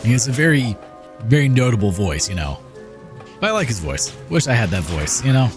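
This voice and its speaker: A man hosting a gaming channel, chatting in a relaxed, rambling way as he comments over gameplay. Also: mid-range voice, fairly quick. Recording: game music playing behind. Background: game music.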